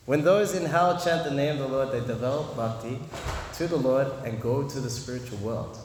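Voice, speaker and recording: A man's voice: mid-range voice, a little fast. A man from Australia giving a scripture class, telling stories and acting out voices and chanting. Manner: animated storytelling, acts out voices and chanting. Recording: echoey hall, faint room noise.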